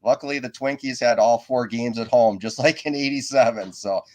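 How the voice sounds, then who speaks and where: Friendly Minnesota guest, Upper Midwest accent, easy laugh, mid-range voice. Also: male voice, medium pitch, normal speed, darkish tone. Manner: friendly, laughs easily, joking. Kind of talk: casual livestream chat.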